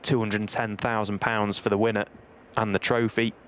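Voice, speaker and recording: A man who once played the sport, giving measured, analytical commentary. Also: lowish voice, little pitch movement, fairly bright tone, a little hiss or hum.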